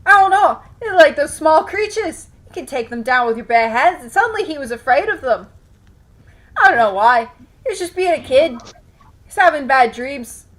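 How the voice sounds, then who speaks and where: A woman voicing a worried half-orc village mother who talks in a hesitant, halting way. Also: high-pitched, animated, fairly bright tone. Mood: anxious, deflecting.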